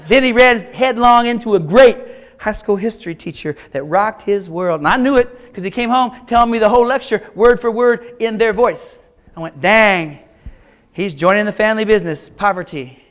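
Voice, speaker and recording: A man's voice: very high voice, moderate pace. A middle-aged man from Kansas giving a keynote talk, telling folksy jokes and speaking straight to the audience. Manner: folksy, joking, audience-addressing. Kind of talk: motivational keynote storytelling. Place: large auditorium.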